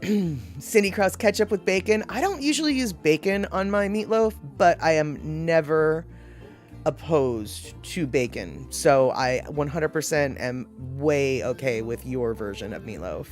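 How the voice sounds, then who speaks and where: A woman's voice: deep voice, lively intonation, unhurried, a little mellow, soft background music. A woman hosting a casual live show, chatting with viewers in a self-deprecating, opinionated way. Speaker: live show host answering viewer comments. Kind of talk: casual chat.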